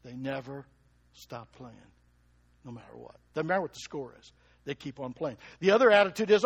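A man preaching a lively sermon, who keeps asking the congregation questions and chuckles between points. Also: medium pitch, moderate pace, slightly rough, lo-fi sound. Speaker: pastor.

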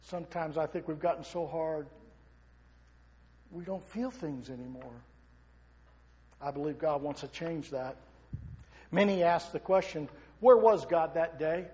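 This middle-aged pastor has a fairly high, warm voice and speaks unhurriedly, pausing often. His impassioned sermon is built on rhetorical questions and rings through a large hall with long reverb.

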